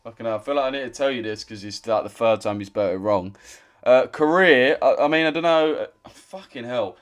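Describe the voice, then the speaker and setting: In a medium-pitched voice, a little fast, a young man chats casually on a trading live stream, reading comments while swearing and teasing his viewers in banter with chat.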